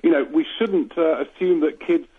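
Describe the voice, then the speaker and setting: A man reporting the news to a radio host, measured and pausing with frequent fillers. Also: a little high, slightly rough. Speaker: radio correspondent. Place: London. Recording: tinny phone line.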